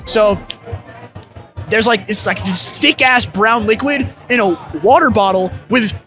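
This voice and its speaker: Young male musician guest with a high voice, loose slangy storyteller, swears freely, soft music underneath. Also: measured pace. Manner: laid-back, filler-heavy slang with frequent "like" and swearing. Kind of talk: casual storytelling in an interview.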